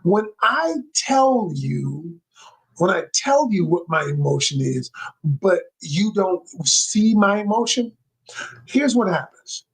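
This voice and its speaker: A man's voice: sits high, sing-song, slow pace, slightly rough. A man coaching viewers on a live stream, talking emphatically and repeating his points like a preacher, addressing the audience as y'all. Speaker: communication coach. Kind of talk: live-stream teaching talk. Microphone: live-stream microphone.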